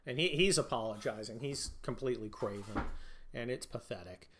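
A man's voice: mid-range voice, moderate pace, a bit bright, slightly rough. A man hosting a podcast, ranting about politics in a profane, sneering, mocking way. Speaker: podcast host.

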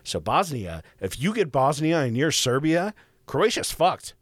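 A man hosting a podcast, telling history in a casual, profane, animated way. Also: fairly high pitch, a little slow, no echo. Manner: profane, animated, acts out quoted voices. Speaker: podcast host.

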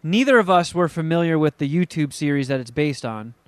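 A man's voice: fairly high pitch, lively intonation, fairly quick, dry recording, clean studio sound. A man in casual podcast chat, teasing with crude jokes and telling rambling stories.

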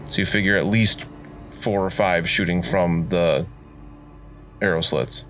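Guy gm with a lowish voice, rambly relaxed explaining, faint music under it. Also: measured pace. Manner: relaxed, meandering explanations with fillers. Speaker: game master. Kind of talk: narrating a tabletop game.

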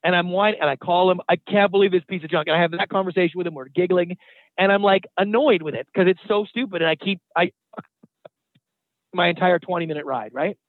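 A man, a guest and TV producer, telling stories in a casual, animated interview way and swearing now and then. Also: high voice, a little fast, dry recording. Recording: tinny phone-like line, dry.

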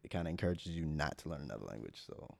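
An American man telling travel stories in a relaxed, slangy casual chat. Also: very deep voice, rapid-fire, creaky, no echo. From United States.

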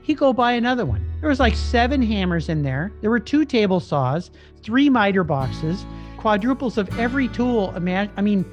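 A middle-aged man, a guest, telling a personal story in a casual, animated way, acting out the voices of the people in it. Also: high-pitched, normal speed, hardly any pauses. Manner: animated, acts out quoted dialogue. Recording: slightly dull lo-fi recording with faint music.

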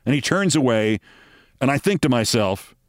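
A man's voice: medium pitch, very animated, moderate pace, dry recording. Wry male storyteller, dry close sound. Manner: wry storyteller, acting out quoted voices. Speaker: host telling a personal story. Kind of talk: storytelling monologue.

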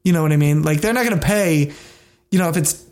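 A podcast co-host talking casually in a rambling, animated way. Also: medium pitch, fast talker.

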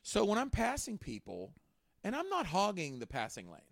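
A man's voice: sits high, moderate pace, creaky, dry recording, clean studio sound. A man co-hosting a podcast in casual chat, talking with lots of fillers and easy swearing. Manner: animated, swears freely, many fillers. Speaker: podcast co-host.

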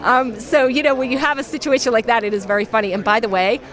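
A woman guest on a podcast talking marketing, chatty and animated, telling stories with acted-out quotes at a busy convention. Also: on the high side, quick pace. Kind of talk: convention floor interview. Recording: noisy crowd around. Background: crowd chatter.

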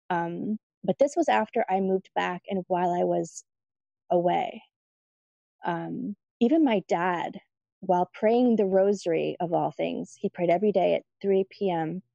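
A woman guest telling stories in a casual interview, chatty and lively when she quotes her family. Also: lowish voice, gravelly, dry recording, lo-fi sound. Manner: chatty, animated when quoting family, laughs easily.

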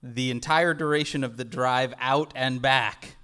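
A man's voice: mid-range voice, steady tone, measured pace, pushed and bright, clean tone. A man co-hosting a comedy podcast in front of a live audience, trading dry, wry banter. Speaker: podcast co-host. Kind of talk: casual comedic chat before a live audience.

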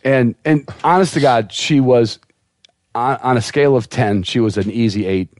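A man at a middling pitch tells a rambling story with lots of laughter and energy. The sound is dry and close, with no room around it. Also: animated, normal speed, darkish tone, dry recording. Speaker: podcast guest, dog breeder. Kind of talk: casual storytelling on a podcast.

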